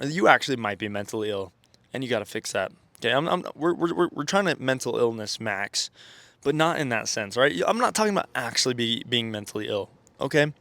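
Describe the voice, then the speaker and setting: This self-improvement content creator has a mid-range, slightly bright voice and audibly stuffy sinuses. His casual motivational vlog monologue rambles along with plenty of fillers and self-corrections, punctuated by "okay?" and "right?", and there's no echo.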